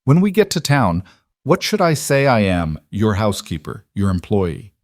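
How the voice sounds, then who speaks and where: A man voicing an earnest, quick-minded young frontier woman in a storybook reading. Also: fairly low pitch, sing-song, darkish tone, dry recording, clean studio sound. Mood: hesitant.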